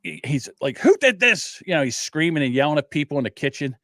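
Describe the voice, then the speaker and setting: A man's voice: medium pitch, quick pace, dry recording, clean studio sound. A man hosting a podcast, telling stories animatedly, acting out quotes and swearing freely. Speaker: podcast host. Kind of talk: casual chat.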